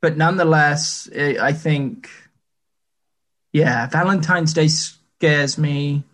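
A man's voice: fairly high pitch, steady tone, slow, fairly bright tone. A man in his late twenties chatting casually on a podcast, telling rambling, self-deprecating stories. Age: late 20s. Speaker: podcast co-host. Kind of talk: casual chat.

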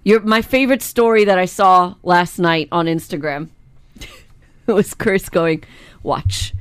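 A woman's voice: fairly low pitch, measured pace, smooth, dry recording. A woman co-hosting a morning radio show from the studio as the showbiz reporter, chatty and teasing.

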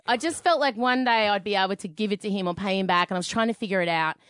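A woman's voice: mid-range voice, quick pace, clear, resonant tone, no room sound, studio quality. A woman in her thirties hosting a radio show, telling stories with lots of laughter. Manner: animated storytelling, frequent laughter. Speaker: radio host. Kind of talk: casual chat.

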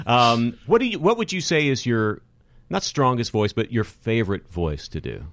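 A man hosting an interview in a relaxed, joking way. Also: medium pitch, normal speed, dry recording. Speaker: host. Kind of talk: casual interview chat.

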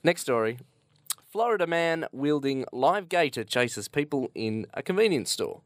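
A man's voice: fairly high pitch, very animated, unhurried, no room sound, clean studio sound. A man co-hosting a podcast, reading out odd news stories and laughing along. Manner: good-humoured, laughs along, reads stories aloud.

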